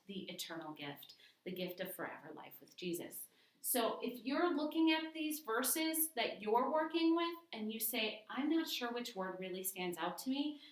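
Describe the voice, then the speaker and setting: A woman's voice: medium pitch, fairly bright tone, slight background noise. Woman teaching Bible study in a roomy space. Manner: conversational, stresses single words of a verse. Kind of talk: casual devotional teaching. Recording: roomy, from a distance.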